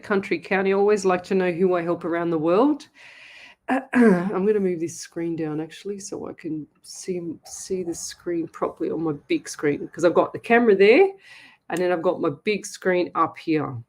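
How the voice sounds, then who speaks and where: A woman's voice: lowish voice, moderate pace, a little mellow. A middle-aged woman, a psychic medium, chatting casually with viewers on a live stream from home, laughing often. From Australia. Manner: chatty, laughs often, talks to her pets. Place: at home at a desk with a camera.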